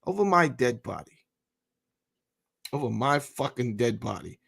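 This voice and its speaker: A man's voice: medium pitch, sing-song, a little slow, gravelly, fairly bright tone, slightly rough. A man hosts a podcast, talking through a bill in a loose, fired-up way. He is blunt and profane and keeps calling the listener bro. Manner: heated, blunt and profane, says bro a lot. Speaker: podcast host. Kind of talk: casual commentary reading a bill aloud.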